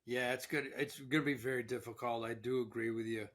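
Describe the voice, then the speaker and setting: A man's voice: mid-range voice, fairly even intonation, a little fast, fairly bright tone. A man hosting a casual sports betting talk show, talking brashly and swearing as he shares gut-feeling picks. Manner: brash, swearing, hedging hunches. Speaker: host.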